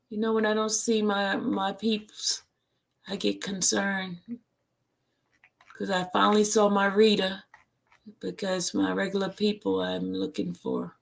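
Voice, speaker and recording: A woman's voice: medium pitch, level tone, unhurried, vocal fry. A woman hosting a live stream, chatting casually and greeting her viewers with chatty, sing-song greetings.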